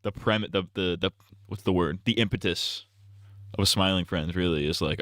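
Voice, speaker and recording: Young male streamer, low and crisp-bright, rambles and jokes with restarts, close dry earbud sound. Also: normal speed, dry recording. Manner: rambling, joking, with stammered restarts. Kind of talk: casual live game stream chat.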